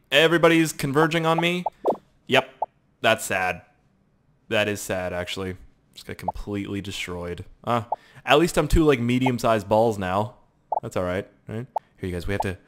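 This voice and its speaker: A young man giving excitable, profane live gameplay commentary with yelling outbursts. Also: mid-range voice, background noise. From Canada. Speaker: gaming YouTuber.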